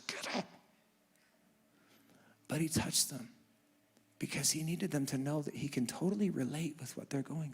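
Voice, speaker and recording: A man in his thirties preaching a sermon with humor, moving from hushed asides to loud, fervent passages. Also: on the high side, gravelly, breathy edge. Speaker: pastor. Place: church auditorium. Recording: long church hall reverb.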